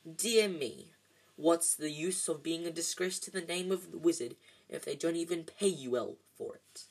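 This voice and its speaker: A reader voicing a cold, sneering aristocratic wizard father who speaks slowly, quietly and with contempt in a storybook reading. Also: mid-range voice, close to an everyday voice. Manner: slow, quiet, drawn-out contempt.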